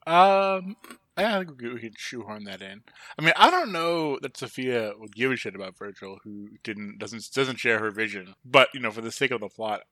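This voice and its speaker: Bright-voiced joking player, man. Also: medium pitch, lively intonation, normal speed, no room sound. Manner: jokey and irreverent. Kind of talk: casual chat at a game table.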